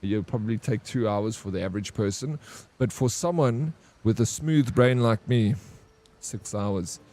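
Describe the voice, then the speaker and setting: A mellow, fairly low-pitched man speaks a little slowly while streaming games. His talk is casual and chatty, full of offhand swearing, "bro" aimed at viewers, and reactions to what his chat says.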